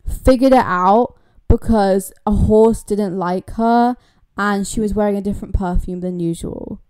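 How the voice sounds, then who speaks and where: A woman's voice: mid-range voice, measured pace, a little mellow, clean tone. A young British woman talking casually to her viewers, chatty and emphatic, repeating words for stress. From Britain. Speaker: YouTuber. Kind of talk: casual commentary vlog.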